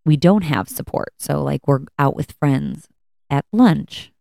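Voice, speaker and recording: A woman's voice: low-pitched, animated, measured pace, creaky, warm tone, no room sound, clean studio sound. A woman hosting a podcast from home, talking candidly and casually with lots of fillers and restarts. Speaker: podcast host. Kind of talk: casual personal talk.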